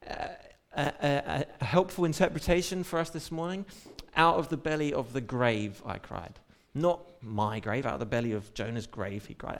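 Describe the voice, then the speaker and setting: A male preacher gives a sermon in a church, and his pitch sits in the middle for a man. He retells scripture in a relaxed, conversational way and breaks off for casual asides. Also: moderate pace.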